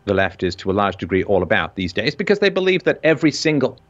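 A man's voice: on the low side, big pitch swings, fast talker, highs cut off. A man with a vaguely British colonial accent, hosting an intense discussion and rising sharply when stressing a point. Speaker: podcast host.

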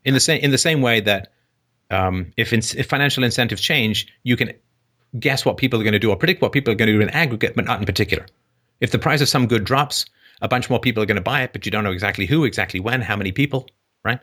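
A man's voice: medium pitch, quick pace, fairly bright tone. A man hosting a call-in show, talking in a loose, digressive way and acting out little dialogues. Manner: digressive, acts out dialogues with shifting voices, laughs at own jokes. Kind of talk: casual philosophical call-in talk.

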